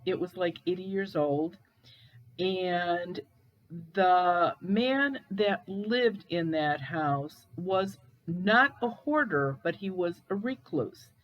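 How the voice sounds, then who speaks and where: Woman medium from Ohio, unhurried and halting casual storytelling, muffled lo-fi sound. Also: on the low side. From Cleveland, Ohio. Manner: slow, halting, with many restarts and pauses. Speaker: medium telling ghost stories.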